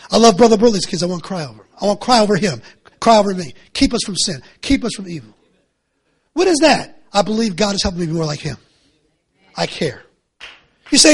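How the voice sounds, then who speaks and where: A middle-aged man preaches a sermon in a high, gravelly, husky voice. He repeats his phrases again and again, building to loud shouts, then falls to hushed, earnest pleading. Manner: impassioned, repetitive, swinging between shouting and hushed pleading. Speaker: pastor.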